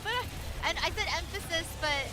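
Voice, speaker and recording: Giggly high-voiced woman from northern China. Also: brisk, over music, a crowd in the background. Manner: giggly, playful. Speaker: guest on stream. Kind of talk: casual chat.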